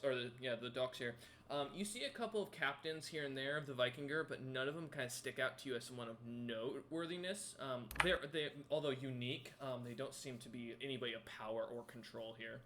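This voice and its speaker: A man's voice: medium pitch, expressive, brisk, pushed and bright, a little hiss or hum. A man narrating a tabletop game as game master, rambling with many fillers. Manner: rambling, lots of ums and kinda.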